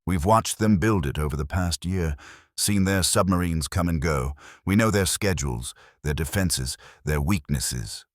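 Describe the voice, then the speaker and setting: A man voicing a polished, courteous ghost captain of an eighteenth-century British warship who is quietly menacing, in a scripted horror story. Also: low-pitched, a little slow, no echo, studio quality. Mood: silky menace.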